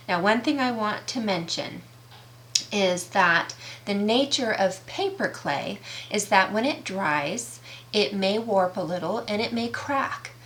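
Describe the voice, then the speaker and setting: A woman leads a casual craft tutorial in an unhurried, bright voice. She is chatty and enthusiastic, explaining each step with care. A faint hum of room noise sits behind her. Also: medium pitch. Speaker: craft demonstrator.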